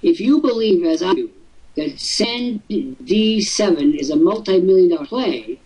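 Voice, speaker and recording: A man in his seventies hosting a live webinar, teasing and firing off rhetorical questions, his voice swooping high for emphasis. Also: lively intonation, measured pace, a little mellow, breathy edge. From Illinois, USA. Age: 70s. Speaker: host. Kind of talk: webinar talk. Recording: dull lo-fi webinar audio.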